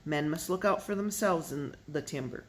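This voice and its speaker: A reader doing a steady farm father in a storybook reading, level and matter-of-fact. He gives his son calm, fatherly advice in an unhurried, middle-pitched voice. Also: natural voice. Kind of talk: audiobook character reading.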